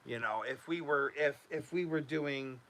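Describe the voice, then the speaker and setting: Bright-voiced man in a rambling vlog. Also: a little high, measured pace. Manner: rambling, loose, with many fillers and restarts. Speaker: YouTube host. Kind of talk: casual vlog update. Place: at home.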